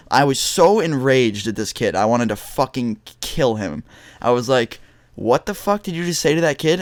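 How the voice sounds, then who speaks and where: A man's voice: medium pitch, dry recording. Young man telling a story, swearing bluntly. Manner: blunt, heavy swearing, many restarts. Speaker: vlogger. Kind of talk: casual storytelling to camera.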